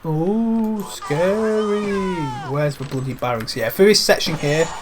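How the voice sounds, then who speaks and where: A young man chats through a game playthrough, casual and profane. His voice sits a bit higher than most men's. A faint hum of noise runs behind him. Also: takes it slowly. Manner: chatty, swears freely, calls things 'mate'. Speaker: gaming commentator. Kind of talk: casual let's-play commentary.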